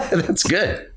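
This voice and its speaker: A man co-hosting a podcast, talking through his favorite movies in casual chat, earnest and quick to laugh. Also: very high voice, a little hiss or hum. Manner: earnest, animated, laughs often. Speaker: podcast co-host.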